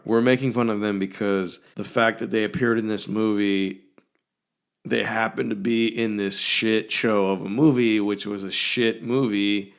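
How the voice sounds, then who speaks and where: A hoarse man co-hosting a podcast in casual chat, ranting bluntly and swearing a lot. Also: fairly low pitch. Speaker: podcast co-host.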